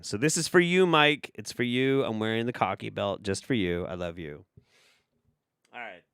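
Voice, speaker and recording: A man hosting a livestream, reading viewer messages in a casual, profane, animated way. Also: lowish voice, normal speed, smooth, dry recording, studio quality. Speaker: livestream host.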